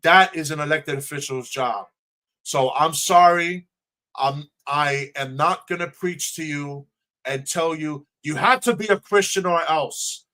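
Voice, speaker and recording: A man's voice: fairly high pitch, unhurried, sharp tone. A man, a political candidate answering questions on a livestream video call in an earnest, emotional, repetitive way.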